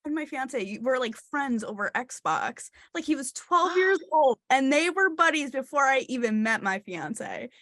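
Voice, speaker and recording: A woman client in a reading, talking softly and emotionally and laughing often. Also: high voice, expressive, a little slow, hardly any pauses, dry recording, studio quality.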